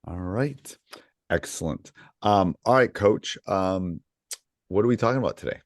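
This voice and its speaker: A middle-aged man hosting a coaching podcast, talking in a relaxed, rambling way with lots of ums and restarts. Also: low-pitched, measured pace, no room sound, clean studio sound. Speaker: podcast host and basketball coach. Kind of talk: casual podcast chat with ad reads.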